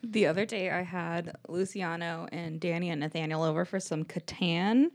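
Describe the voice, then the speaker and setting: A woman's voice: on the low side, steady tone, moderate pace. A woman co-hosting a casual podcast chat, rambling through stories with her friends. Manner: chatty, rambling storyteller. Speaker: podcast co-host.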